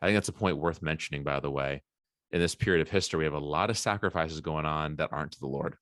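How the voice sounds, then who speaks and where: A man with a very low voice co-hosts a casual Bible discussion podcast. He retells the story with energy and acts out the characters' lines. The sound is close and dry. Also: fast, no echo. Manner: animated retelling with acted-out quotes. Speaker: podcast co-host.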